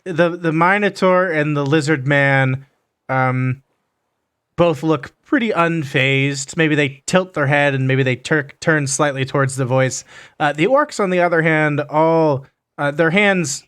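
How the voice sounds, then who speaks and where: A man narrating a tabletop game as game master, halting with fillers and restarts. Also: on the high side, a bit bright, clear, resonant tone.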